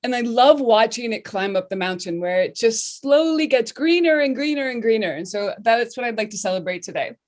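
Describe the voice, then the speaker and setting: A woman speaking as an artist opening her talk, chatty and warm, with many restarts. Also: on the high side, expressive, fairly quick, few pauses. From Western Massachusetts. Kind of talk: casual talk over video call.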